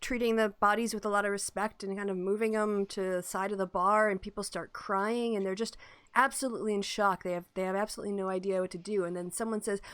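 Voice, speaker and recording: A woman running a tabletop game as game master, chatty and quick to laugh. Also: mid-range voice, fairly even intonation, a bit bright, smooth.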